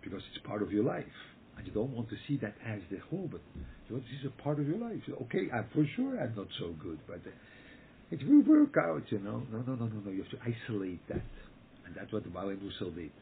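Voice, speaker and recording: A man's voice: lowish voice, very animated, fast talker. A man teaching a Torah lesson as a rabbi, answering questions in an emphatic way, repeating himself and often checking in with his listeners. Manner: emphatic, repeats words, checks in with "yeah?" and "okay?". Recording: tinny phone-like line with faint noise.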